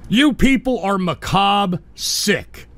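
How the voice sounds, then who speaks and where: A man's voice: high voice, animated, slow, a bit bright. A man hosting a live stream, reading chat aloud and ranting at trolls in an exasperated way.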